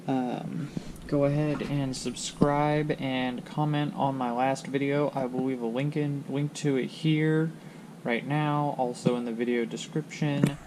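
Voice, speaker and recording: A man's voice: medium pitch, little pitch movement, unhurried, noisy background. A man hosting a car channel, talking casually to his viewers in a loose, rambling way with lots of ums and restarts. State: hiccups. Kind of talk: casual vlog talk to camera.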